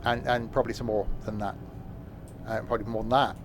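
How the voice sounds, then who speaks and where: A man with a fairly low, level voice talks fairly quickly while live-streaming a train simulator, against some background noise. His gameplay commentary rambles and mocks himself, packed with fillers.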